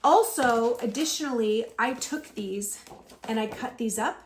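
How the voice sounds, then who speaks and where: A woman homeschooler walks through her purchases one by one in a chatty, step-by-step way. Her voice sits a little high. The room rings with echo, and there's a faint hiss underneath. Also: measured pace. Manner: chatty, explains each item step by step. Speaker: homeschooling parent. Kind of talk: casual show-and-tell haul video.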